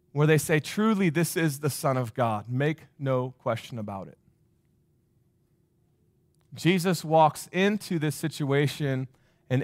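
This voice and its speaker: This male pastor's voice is high and fairly bright, captured in clean studio sound without any echo. He delivers his sermon in a relaxed, conversational way, speaking straight to his congregation through stories.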